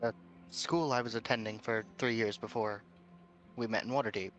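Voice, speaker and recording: A man's voice: lowish voice, steady tone, normal speed, a bit bright, muffled recording, faint music behind. A man talking casually as a player in a tabletop game, hesitant and stammering.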